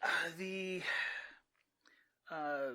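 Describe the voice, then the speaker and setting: A man's voice: high voice, extremely slow, fairly bright tone, clean tone. A man co-hosting a podcast, chatting casually and jokingly with his spouse in a wry, rambling way. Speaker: podcast co-host.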